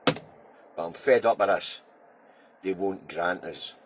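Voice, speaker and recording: A man's voice: low voice, slow, background noise. A middle-aged Scottish man ranting in a sweary, blunt and heated political monologue. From Scotland. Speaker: political video commentator.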